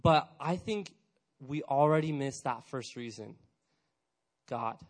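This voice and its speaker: A young man in his twenties giving a casual, energetic youth sermon, chatty and full of fillers, acting out little quotes. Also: medium pitch, slow. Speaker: youth pastor.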